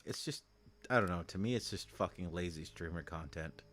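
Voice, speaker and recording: A man with a lowish voice rants through a casual game stream, annoyed and swearing freely. A faint hiss sits under his voice. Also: a little fast, fairly bright tone. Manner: profane, exasperated ranting.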